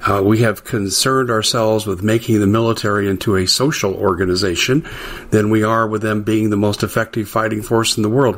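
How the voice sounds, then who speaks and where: With a somewhat bright voice, a middle-aged man hosting a talk radio show rails in an indignant, emphatic political monologue. He pushes his pitch upward to emphasize key words.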